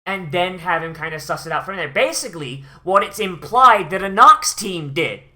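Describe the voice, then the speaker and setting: Bright sharp voice ranting about an anime, swearing nonstop, sighs a lot. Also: medium pitch, animated, normal speed. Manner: profane, exasperated, sighing. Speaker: anime reviewer. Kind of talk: ranting watch-along commentary.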